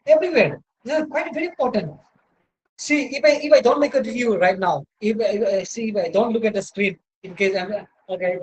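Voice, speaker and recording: A man's voice: high-pitched, a little hiss or hum, low-quality recording. A male university lecturer with an Indian English accent, giving an online lecture into a laptop mic, rambling and checking in with "right?". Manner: rambling, repeats "you know" and "right?". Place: indoors at a laptop, video lecture. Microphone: laptop microphone.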